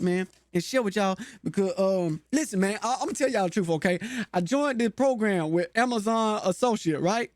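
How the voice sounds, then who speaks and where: A talkative man with a runs a casual guitar lesson and chats with his viewers in a folksy way. His voice sits high for a man. The sound is dry and close, with no room echo. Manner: chatty, folksy and talkative, addresses viewers directly. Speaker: guitar teacher and channel host.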